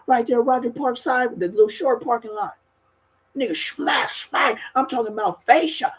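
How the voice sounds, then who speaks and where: A man telling a street story in a casual, animated, profane way, often laughing and acting out other people. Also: very high-pitched, moderate pace, husky, rough recording.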